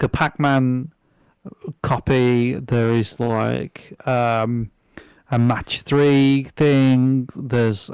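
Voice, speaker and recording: A man's voice: medium pitch, darkish tone, clear, resonant tone, no echo. A man chatting casually as a podcast guest, rambling with lots of fillers, restarts and swearing. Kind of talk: casual chat.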